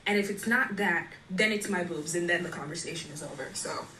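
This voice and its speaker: A woman with a low voice speaks to camera in a measured, emphatic way, stressing her words. Her voice sounds roomy with a faint hiss underneath. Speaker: makeup creator. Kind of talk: personal talk to camera.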